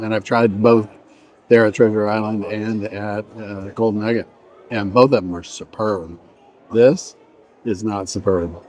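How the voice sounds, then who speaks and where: Reviewing a buffet on camera inside the restaurant, a middle-aged man talks unhurriedly in a low-leaning, darkish voice with fairly even intonation. He's chatty and meandering, his sentences trailing off between bites.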